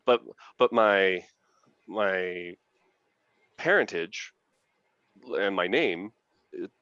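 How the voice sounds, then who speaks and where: A man's voice: deep voice, a bit bright, dry recording. A man, an author chatting earnestly and enthusiastically as an interview guest over a video call. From Canada. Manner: earnest, enthusiastic, quick to laugh. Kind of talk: casual interview chat. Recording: dull lo-fi dry sound.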